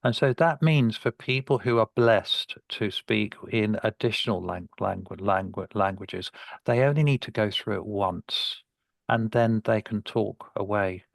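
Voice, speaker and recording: A man's voice: on the low side, measured pace, vocal fry, no echo. A man working as a speech therapist and researcher, talking earnestly on a video call and often restarting words. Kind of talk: webinar discussion.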